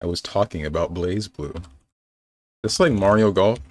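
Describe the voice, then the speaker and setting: Low-voiced young man chatting on stream. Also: moderate pace. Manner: rambling, thinking aloud, playful. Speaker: game streamer. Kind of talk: casual live-stream chat.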